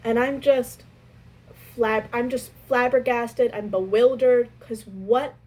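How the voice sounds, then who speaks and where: Young adult woman with a slightly high voice, telling a work story in an exasperated tone. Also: slow pace, husky, rough recording. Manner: animated, exasperated retelling. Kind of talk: casual storytime.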